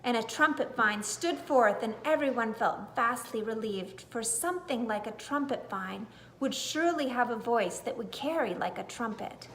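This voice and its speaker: A woman reading a bedtime story aloud in a gentle, expressive way. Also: on the high side, normal speed, few pauses, a little hiss or hum. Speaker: storybook reader.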